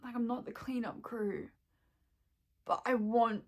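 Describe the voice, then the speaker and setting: A woman talks straight to her camera in a loose, emotional rant, stumbling through fillers and curses as she works through her frustration. Her voice sits a little high for a woman. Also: steady tone, unhurried, pauses often, a little mellow. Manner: rambling, full of "like" and swearing, upset. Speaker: vlogger. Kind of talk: casual emotional vent to camera.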